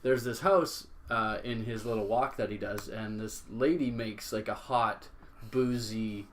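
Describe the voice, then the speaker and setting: This man hosts a casual podcast and tells chatty, self-mocking stories padded with fillers. His voice is bright and forceful. A faint noise runs under the recording. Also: fairly low pitch, steady tone, unhurried. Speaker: podcast host. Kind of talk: casual chat.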